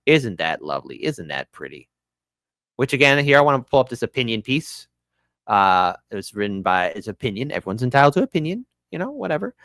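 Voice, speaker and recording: A man runs a political commentary show in an exasperated, sarcastic rant and keeps tripping over his own restarts. His voice is bright and forceful, and his pitch leaps and falls all over the place. The sound is dry and close to the mic. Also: dry recording. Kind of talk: ranting news commentary.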